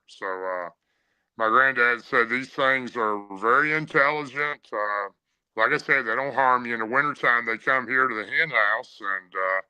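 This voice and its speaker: A man recounts a frightening encounter as a podcast guest. His voice is intensely bright and crisply clear. He talks plainly, stopping often on "uh", and the sound is dry with no room echo. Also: medium pitch. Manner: plain storyteller with frequent "uh" pauses. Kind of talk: first-person encounter story.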